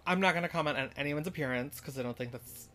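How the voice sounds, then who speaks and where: A man's voice: on the high side, quick pace, sharp tone. A man co-hosting a casual podcast with his mother, chattily leading an episode recap. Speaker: podcast co-host.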